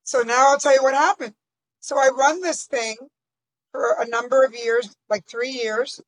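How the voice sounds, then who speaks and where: A woman's voice: high voice, fairly even intonation, moderate pace, rough recording. A woman, a podcast guest, candidly telling her own career story in a reflective conversational way. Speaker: interview guest.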